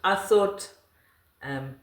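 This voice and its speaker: A woman's voice: fairly low pitch, drawn-out words. Woman, middle-aged, Afrikaans accent, South African, emphatic, laughing, interview, echoey room. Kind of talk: casual interview.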